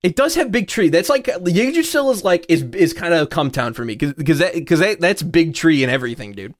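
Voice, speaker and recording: A man co-hosting a podcast in casual chat, excitable and profane and laughing often. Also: on the high side, a little fast. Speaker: podcast co-host.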